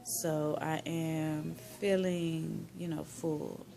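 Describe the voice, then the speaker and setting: A woman from Tennessee, speaking in a soft, heartfelt personal monologue that drifts into whispers. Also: deep voice, level tone, very slow, gravelly, noisy background. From Tennessee, USA. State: emotional, near tears. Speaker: vlogger.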